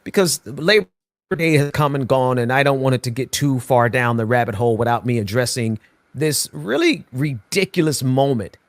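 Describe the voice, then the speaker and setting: Man, political commentator, measured, emphatic, dry close sound. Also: mid-range voice, lively intonation, no echo. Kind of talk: show commentary.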